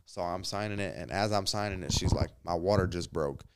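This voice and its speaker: Low-voiced man telling a story. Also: brisk, clear, resonant tone. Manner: animated storyteller, acts out quotes, swears freely. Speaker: podcast guest. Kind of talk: casual storytelling chat.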